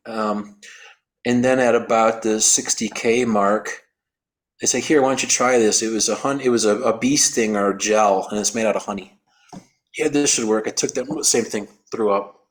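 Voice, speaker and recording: In a storytelling interview, an American endurance athlete with a middle-pitched voice recounts a race he ran. He frequently restarts and repeats his words, explaining things in a careful, technical way.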